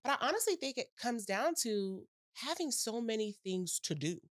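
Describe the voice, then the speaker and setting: A woman hosting a podcast in a casual, animated conversation, playful and self-mocking as she talks. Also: a little high, moderate pace, dry recording, clean studio sound. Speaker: podcast host.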